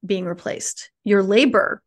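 A woman speaking as a divorce coach guest in a conversational podcast interview, animated, frank and casually profane. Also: medium pitch, measured pace.

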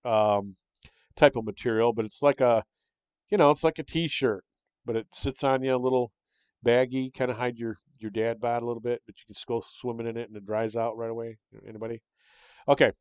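A man's voice: mid-range voice, steady tone, brisk, a little mellow, clear, resonant tone, no echo. An older man from Michigan hosting his own show, chatting in a rambling, friendly way with many fillers and restarts. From Michigan, USA. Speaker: podcast host. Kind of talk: casual solo monologue. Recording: slightly dull, dry close-mic recording.

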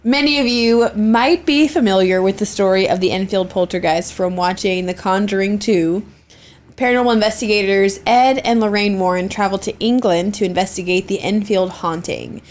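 A woman's voice: mid-range voice, normal speed. A young woman co-hosting a casual podcast, presenting a haunting story from notes with a giggly, chatty manner.

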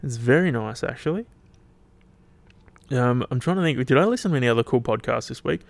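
A man's voice: medium pitch, animated, a little fast, gravelly, no echo. Laid-back Australian man, rambling podcast chat. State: tired, yawning. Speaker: podcast host. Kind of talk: casual solo podcast chat.

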